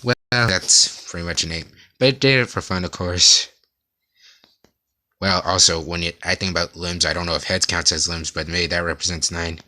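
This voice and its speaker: A young man giving a rambling class presentation about an artist, in a monotone with frequent stutters and restarts. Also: deep voice, normal speed. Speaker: student presenter.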